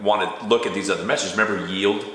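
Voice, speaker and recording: A man with a very low yet bright, forceful voice chats casually as co-host. He speaks haltingly and often repeats words. The room is strongly echoey, with a long reverb. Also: steady tone. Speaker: co-host and board partner. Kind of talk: casual conversation.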